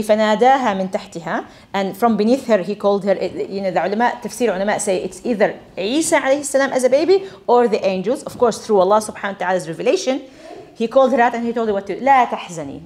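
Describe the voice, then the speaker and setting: A woman with an Australian accent giving a conversational religious talk to a gathering of women, asking them questions. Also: medium pitch. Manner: conversational, animated, asks the audience questions. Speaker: religious teacher.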